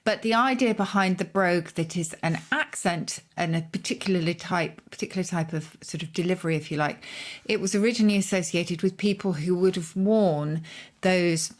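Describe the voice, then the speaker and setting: Woman, lower pitch, thoughtful, explains word origins, casual podcast talk. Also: moderate pace. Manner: thoughtful, explaining, with hedges like "if you like". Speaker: podcast co-host, word expert.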